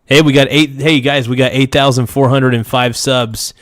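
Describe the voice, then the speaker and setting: A male livestream host riffing casually over clips, loose and jokey. His voice sits at an ordinary middle pitch and the sound is close and dry, with no room around it. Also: fairly even intonation, moderate pace, no echo. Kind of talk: casual reaction commentary.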